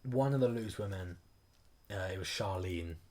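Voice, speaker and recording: A man's voice: low-pitched, moderate pace, a little mellow. A man co-hosting a podcast, rambling through a story in casual chat with lots of fillers. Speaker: podcast co-host.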